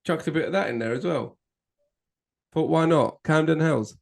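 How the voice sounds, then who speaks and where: A man's voice: a little high, normal speed, vocal fry. A man co-hosting a casual drinks podcast, swearing, laughing and teasing his friend. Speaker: podcast co-host. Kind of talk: casual banter over drinks.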